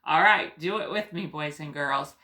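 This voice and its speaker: A woman teaching preschoolers, speaking slowly and gently with lots of encouragement. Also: low-pitched. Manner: slow, gentle and encouraging, sings call-and-response songs. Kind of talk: teaching young children on video.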